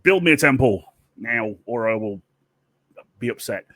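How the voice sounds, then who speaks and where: A man's voice: medium pitch, expressive, a little slow, pushed and bright, no room sound. Haughty, furious mother goddess, done by a man telling a tipsy story, commanding, dry and close. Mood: imperious.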